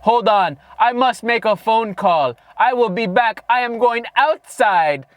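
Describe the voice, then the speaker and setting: A man putting on a slow, formal, mock-grave voice for a solemn older male lawyer. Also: extremely high pitch, expressive, no room sound, voice pushed up.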